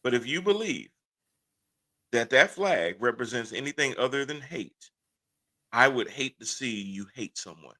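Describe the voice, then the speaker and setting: A man hosts a casual livestream. His voice is bright and forceful, and he talks bluntly and with passion. He laughs often between points. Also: medium pitch, animated, unhurried. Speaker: host.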